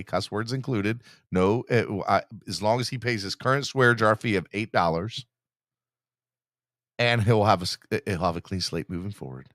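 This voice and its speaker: A man hosting a live fan podcast in a casual, teasing, animated way, hyping himself up. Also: lowish voice, no echo, studio quality. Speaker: podcast host.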